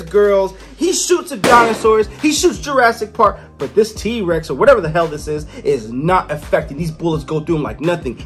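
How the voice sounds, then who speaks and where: A raspy-voiced comic book reviewer recapping issues in a loose, joking, casual way. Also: medium pitch, a bit bright.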